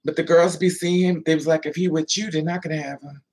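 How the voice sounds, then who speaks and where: A woman's voice: low voice, steady tone, fast, a little mellow, breathy edge, low-quality recording. A woman telling stories in a loose, chatty way, stopping to answer viewers by name. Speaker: livestream host. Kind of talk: casual storytelling chat.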